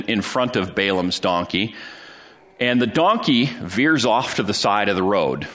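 A man's voice: mid-range voice, a bit bright. A man preaching a sermon, retelling a Bible story in a conversational way with frequent fillers and restarts. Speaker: pastor.

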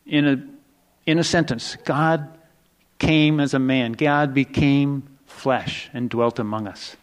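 A man preaching a sermon in a loose, conversational way, often restarting sentences and dropping to hushed asides before rising into excited emphasis. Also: mid-range voice, slow pace. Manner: conversational, rambling with restarts and self-corrections. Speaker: pastor.

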